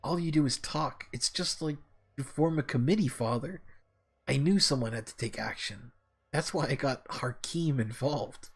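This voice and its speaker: A man's voice: medium pitch, normal speed, husky. A man voicing an indignant rich daughter. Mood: accusing. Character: indignant rich young woman scolding her father.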